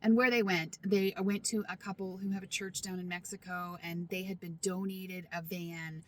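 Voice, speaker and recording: A woman in her thirties talking openly and casually to the camera from inside her van, loud at times and quick to laugh. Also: on the low side, level tone, a little hiss or hum. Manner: chatty and open, with frequent laughs and quick asides; talks loudly at times. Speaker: van life vlogger. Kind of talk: casual vlog talk.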